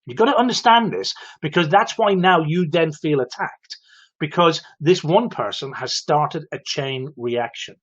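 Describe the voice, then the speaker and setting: A man's voice: fairly high pitch, animated, measured pace, fairly bright tone, lo-fi sound. A man hosting a live-streamed advice talk, explaining patiently and turning to his viewers with "okay?" and direct questions. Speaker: host of a live show for electricians.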